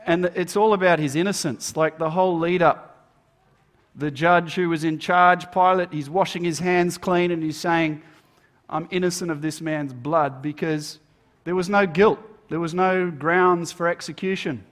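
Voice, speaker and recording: Man preaching with dramatic hushes. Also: fairly even intonation, moderate pace. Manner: storytelling, dramatic swings between loud emphasis and hushed low delivery. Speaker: minister. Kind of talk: sermon.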